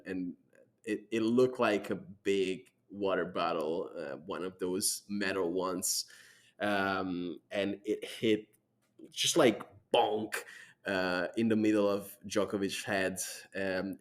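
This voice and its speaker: Hesitant man, low voice, casual. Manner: hesitant, many "um"s and restarts. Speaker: podcast host. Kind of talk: casual chat.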